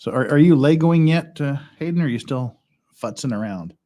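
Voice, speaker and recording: Lively-voiced man hosting a chatty stream. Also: mid-range voice, fairly quick. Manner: rambling, chuckling, thinks aloud while counting pieces. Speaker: stream host. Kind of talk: casual livestream chat while building Lego.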